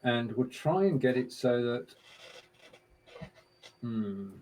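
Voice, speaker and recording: A man's voice: mid-range voice, animated, slow, a little mellow. A man co-hosting a live stream in a casual chat, running a music quiz and fiddling with screen sharing as he talks.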